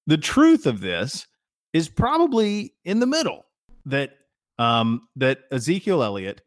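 A man's voice: on the high side, huge pitch swings, a little slow, no room sound, clean studio sound. A middle-aged man co-hosting a podcast in casual chat, a rambling storyteller who often restarts his sentences. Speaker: podcast co-host.

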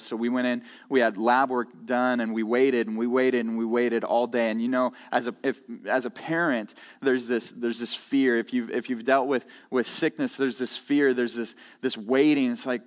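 A middle-aged man preaching a sermon, earnest, repeating words as he starts each thought and growing louder when he stresses a point. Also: medium pitch, fairly even intonation, moderate pace, hardly any pauses. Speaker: pastor. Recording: long reverb of a hall.

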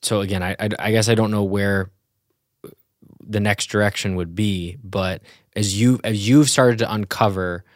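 Male podcast host; low pitch, dry close mic, thoughtful questioner. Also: fairly even intonation, moderate pace, no echo. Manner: thoughtful, restarts as he frames questions. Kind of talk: interview questions.

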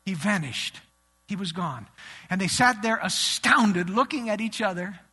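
A man delivering a sermon with a high, very bright and piercing voice. He swings between loud, animated preaching and hushed lows. The sound carries a long reverb from a church hall. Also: a little slow, slightly rough. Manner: animated preaching, rising and dropping his voice for emphasis. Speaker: pastor. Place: church sanctuary.

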